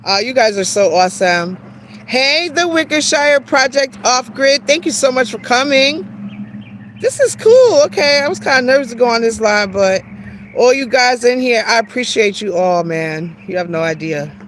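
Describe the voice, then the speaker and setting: A woman's voice: on the high side, lively intonation, normal speed, a bit bright, slight background noise. A woman hosting her first live stream, walking through her backyard garden, greeting viewers by name in a chatty, self-deprecating way. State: out of breath while walking. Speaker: garden channel host.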